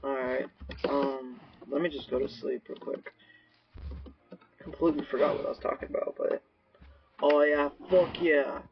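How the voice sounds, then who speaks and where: A man's voice: mid-range voice, steady tone, normal speed, gravelly, long pauses. A man rambling through solo gameplay commentary on a cheap microphone, erratic and given to shrieking and swearing at sudden scares. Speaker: gaming video creator. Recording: dull lo-fi mic with faint hiss.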